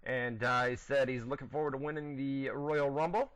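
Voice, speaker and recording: A man's voice: mid-range voice, steady tone, moderate pace, a bit bright, dry recording, rough recording. Brash male radio co-host, crude and jokey, loose and rambling, talks into a headset. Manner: laughing, swearing, rambling recaps with fillers. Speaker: wrestling radio show host. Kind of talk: casual crude banter. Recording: internet radio show.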